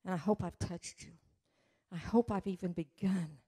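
A woman telling a story in a church sermon, slow and earnest, swelling with emotion at times. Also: on the low side, mellow, husky. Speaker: church speaker. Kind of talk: testimony sermon.

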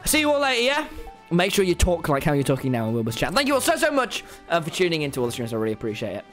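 A young man with a British accent hosts a live stream in a loose, rambling way, swearing freely as he signs off. His voice sits a little high and swings widely in pitch. Faint music plays underneath. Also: huge pitch swings, very fast, fairly bright tone. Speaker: livestream host. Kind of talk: casual gaming stream chat.

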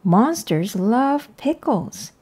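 A woman reading aloud voices a calm, fond mother, speaking gently and in a measured way. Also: a little high, a little hiss or hum, heavily acted. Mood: gentle. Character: calm, fond mother who loves monster stories.

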